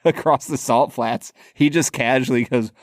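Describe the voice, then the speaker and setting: Relaxed man telling a podcast story. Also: medium pitch, moderate pace, dry recording. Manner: relaxed storyteller, many "like" fillers. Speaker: podcast co-host. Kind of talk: casual podcast chat.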